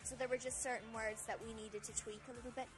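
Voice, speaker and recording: A young woman chats easily as a guest on a TV studio interview, trailing off into fillers and little laughs. Her voice sits slightly high, and music plays clearly behind her. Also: level tone, fast, poor audio. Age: young adult. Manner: chatty, giggly, hesitant fillers. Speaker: actress guest. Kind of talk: casual interview chat. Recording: music playing in the background.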